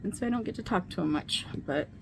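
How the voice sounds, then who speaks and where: A woman's voice: medium pitch, lively intonation, fast, creaky, background noise. A middle-aged woman vlogging casually at home while doing her makeup, talking candidly and swearing freely. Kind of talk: casual get-ready-with-me chat.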